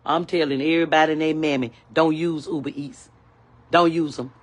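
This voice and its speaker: In her vlog, an older woman with a low, steady voice rants briskly in an angry complaint. Indignant and preachy, she keeps hammering the same points over and over.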